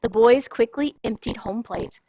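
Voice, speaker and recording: A woman reading a children's storybook aloud in an expressive, animated way. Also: on the high side, a little slow, slightly rough, no echo. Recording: dull lo-fi dry sound.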